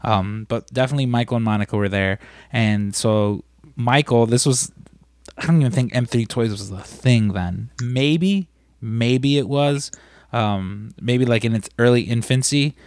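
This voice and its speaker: A man's voice: mid-range voice, measured pace, darkish tone, no room sound, studio quality. A man chatting casually, rambling and self-deprecating, with many ums and uhs. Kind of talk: casual chat.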